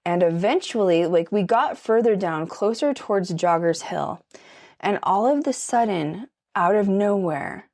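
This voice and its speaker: While applying makeup, a young Colorado woman who vlogs about the paranormal casually recounts a ghost story. Her low, slightly mellow voice is chatty and emphatic, full of "like" and "okay?" asides.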